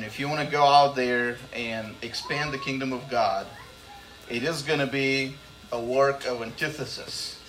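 A man's voice: medium pitch, bright, forceful tone, low-quality recording. Blunt Bulgarian-accented man at a podium. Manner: blunt, emphatic, jokey. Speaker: guest speaker, podcast host. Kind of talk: live stage speech.

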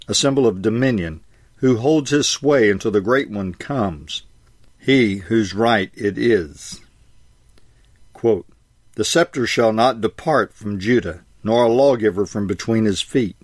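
A man reading a scripted sermon in a measured way, slowing for emphasis and saying each quotation and verse reference aloud. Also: lowish voice, no echo, clean studio sound. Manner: measured, slows for emphasis, reads citations aloud. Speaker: preacher.

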